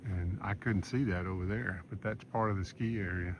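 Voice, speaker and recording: A man narrates his hike into a handheld camera. He rambles and chuckles to himself as he walks along the trail. Outdoor noise sits clearly behind him. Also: low-pitched, steady tone, normal speed. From American South. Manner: rambling, chuckling, talks to himself while walking. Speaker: thru-hiker vlogger. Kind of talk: casual trail vlog narration. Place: outdoors on a mountain hiking trail.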